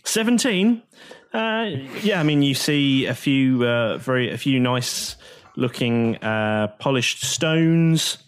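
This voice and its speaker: A man runs a tabletop game, describing scenes in a halting way with lots of little fillers. His voice is at an ordinary middle pitch, casual and unpolished. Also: animated, clean tone. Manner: hesitant, full of fillers. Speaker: game master.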